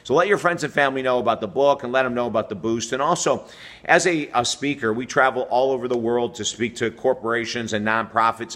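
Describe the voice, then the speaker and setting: Middle-aged male host, bright forceful voice, energetic coaching delivery straight to camera. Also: mid-range voice. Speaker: relationship coach and show host. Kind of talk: direct-to-camera advice video.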